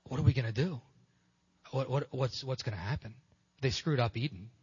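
A man voicing God as a frantic, easily flustered figure who gushes and then panics and shouts. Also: mid-range voice, normal speed, breathy edge. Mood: panicked. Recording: dull recording in a reverberant hall.

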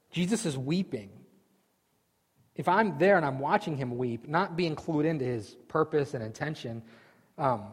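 A man preaching a sermon as pastor, telling the story vividly and swinging from loud outbursts to hushed asides. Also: mid-range voice, slightly rough. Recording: long hall reverb.

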